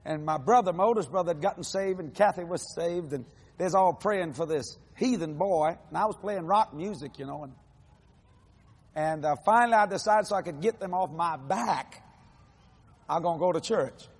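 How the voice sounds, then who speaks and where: A husky-voiced preacher in his sixties gives a testimony sermon. His voice sits high for a man, and he tells the story in an animated way, acting out the people in it. His grammar is folksy and casual. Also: normal speed, in a large hall. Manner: animated storytelling, acts out quotes.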